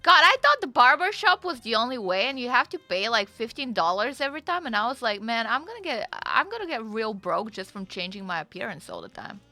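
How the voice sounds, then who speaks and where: A woman streaming a game, chatting casually, excitable, swearing, and answering chat. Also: fairly high pitch, a little fast, few pauses, soft background music.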